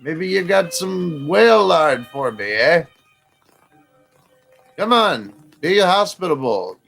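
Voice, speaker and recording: A man's voice: fairly high pitch, lively intonation, slow pace, gravelly, fairly bright tone, soft background music. A male host mocking a clip with teasing, ribbing banter. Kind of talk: mocking commentary over a clip.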